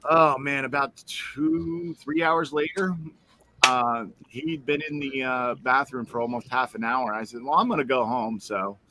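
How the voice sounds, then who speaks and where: A man chatting on a stream voice call, telling a lively anecdote and putting on voices for its people. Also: medium pitch, a little slow, heavy background noise. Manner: animated storyteller, voices the people in his anecdote. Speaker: stream guest. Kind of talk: casual chat.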